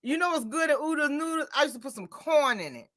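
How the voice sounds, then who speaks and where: A high-voiced woman talks at a quick pace while hosting an easygoing chat. Chatty and full of stories, she acts out the conversations she recounts, quoting each line.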